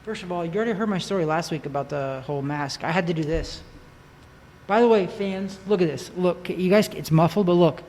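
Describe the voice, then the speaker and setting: A man co-hosting a boxing podcast, chatting casually in a playful, excitable, jokey way. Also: sits high, a little fast, long reverb tail. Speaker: podcast co-host, boxing coach. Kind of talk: casual chat.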